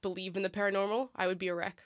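A young woman talks fast in a casual, rambling co-host chat, and she pokes fun at herself as she goes. Her voice sits close and dry, with no room sound around it. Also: mid-range voice, flat delivery, dry recording. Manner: chatty, rambling, self-deprecating.

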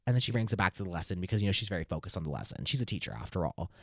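A young man telling a comic story in a camp, dramatic way, with slow, deliberate delivery. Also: deep voice, expressive, a bit bright, no room sound, studio quality. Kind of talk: comic monologue.

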